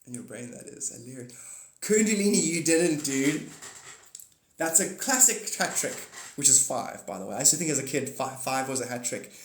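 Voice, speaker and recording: A man's voice: mid-range voice, big pitch swings, normal speed, slight background noise. A man chatting on a live stream, rambling and joking, swearing now and then and correcting himself. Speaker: live streamer and paid reader. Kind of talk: casual live-stream chat. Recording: roomy echo.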